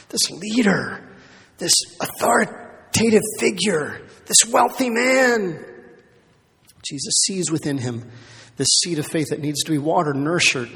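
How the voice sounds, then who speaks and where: A man's voice: fairly high pitch, a bit bright, breathy edge. A man preaching a sermon in a conversational storytelling way, often checking in with the listeners and repeating words as he goes. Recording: long hall reverb.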